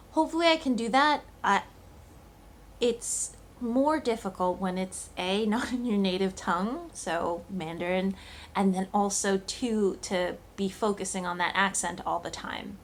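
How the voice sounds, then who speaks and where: A woman chats straight to camera in a loose vlog style, circling back on her thoughts with frequent fillers and false starts. Her pitch sits in an ordinary middle range, with a faint hiss of background noise beneath. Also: a little slow. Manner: chatty, thinking aloud with many fillers and restarts. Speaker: cooking channel host. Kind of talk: casual vlog chat.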